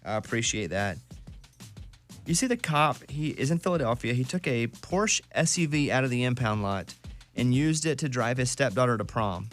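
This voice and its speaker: A man's voice: medium pitch, expressive, moderate pace. Guy hosting a morning radio show, laid back, chatting, faint music behind. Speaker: radio host.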